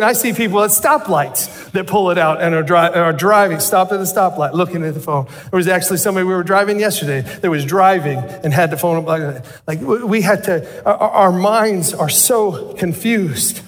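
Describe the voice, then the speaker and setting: A middle-aged man preaching a sermon as a pastor, animated and asking the congregation questions. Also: high-pitched, moderate pace. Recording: long reverb of a large hall.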